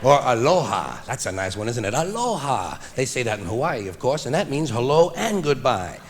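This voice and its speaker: A man doing a stand-up comedy routine on stage, with a wry, deadpan delivery that builds to loud punchlines, recorded live for a vinyl album. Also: medium pitch, moderate pace, slight background noise. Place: theater stage before an audience. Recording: live vinyl recording with long hall reverb and audible audience.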